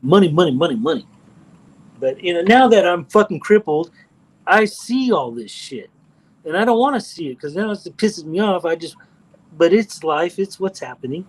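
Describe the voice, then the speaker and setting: Man, middle-aged, from Texas, blunt and profane, rambling chat, slightly high voice. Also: expressive, normal speed, poor audio. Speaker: livestream host. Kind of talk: casual chat.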